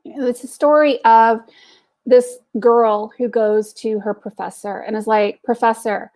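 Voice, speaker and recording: A woman's voice: fairly high pitch, slow, darkish tone. A middle-aged woman hosting a live stream for an online women's business group. She gives an upbeat, direct pep talk, speaking straight to her viewers and telling jokes and anecdotes.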